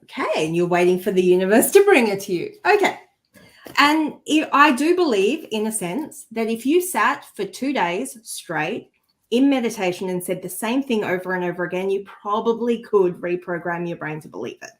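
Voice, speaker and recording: A woman's voice: medium pitch, lively intonation, normal speed. A woman co-hosting a podcast as an energy healer, talking earnestly and from the heart in a coaching tone, often restarting sentences as she searches for words. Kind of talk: casual podcast chat.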